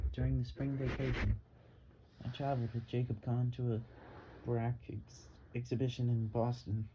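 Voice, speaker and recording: Man reading in a flat, even voice. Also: mid-range voice, moderate pace. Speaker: audiobook narrator. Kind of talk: scripted narration. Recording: dull, slightly muffled with faint hiss.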